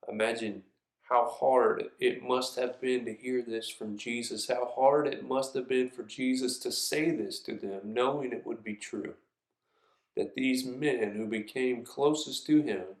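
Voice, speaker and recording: A man's voice: mid-range voice, measured pace. A man preaching a sermon in an earnest, reflective way, reading scripture aloud in a church. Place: church sanctuary. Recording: echoey room.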